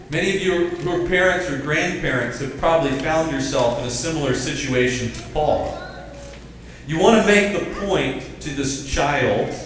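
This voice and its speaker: A man's voice: medium pitch, slight background noise. A man preaching a sermon as pastor, drawing the congregation into call-and-response. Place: church sanctuary. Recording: very echoey church hall, distant mic.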